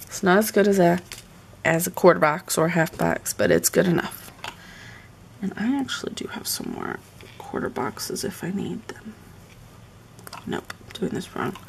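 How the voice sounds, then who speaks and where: Gravelly woman chatting while she crafts. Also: lowish voice, sing-song, normal speed, long pauses, slight background noise. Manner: chatty, muttering asides to herself. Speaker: planner decorating vlogger. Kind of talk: casual live-stream chat while crafting. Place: at home.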